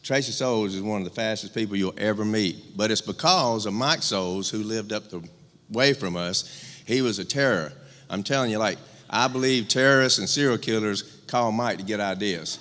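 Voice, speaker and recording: Speaking at a moderate pace in a lowish, slightly bright voice, a middle-aged Southern man from rural Georgia honors his late older brother at a memorial service. The church sanctuary's long reverb carries his candid, humorous stories, which are peppered with fillers and restarts.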